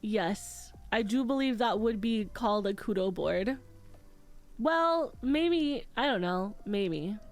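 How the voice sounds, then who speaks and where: A woman's voice: medium pitch, lively intonation, takes it slowly. A woman streamer, nose stuffy after crying, chatting casually and reading out her chat, candid and swearing freely.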